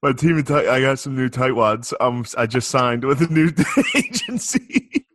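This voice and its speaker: A man's voice: mid-range voice, wildly swooping pitch, moderate pace, fairly bright tone, no echo, studio quality. A comedian man in casual chat, joking and laughing.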